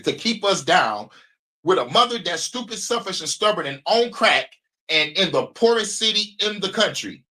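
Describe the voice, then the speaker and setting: A man's voice: high voice, bright, forceful tone. A man hosting a livestream in a rambling, profane, casual monologue, often breaking into laughs. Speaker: streamer host.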